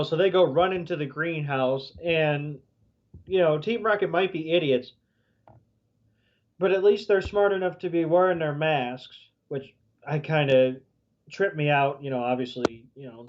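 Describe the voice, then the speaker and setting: A man's voice: a little high, steady tone, moderate pace, dull audio. A man co-hosting a podcast, recapping a cartoon episode in rambling casual chat full of "you know", swearing now and then. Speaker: podcast co-host.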